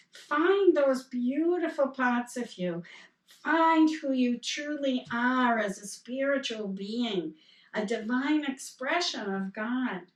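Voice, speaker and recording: A woman preacher speaks slowly and gently, at a middling pitch. She tells parables with little quoted voices and draws a lesson from them. Her voice sounds a little far from the mic, in a roomy space. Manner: slow, gentle storytelling with quoted dialogue. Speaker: reverend. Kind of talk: sermon.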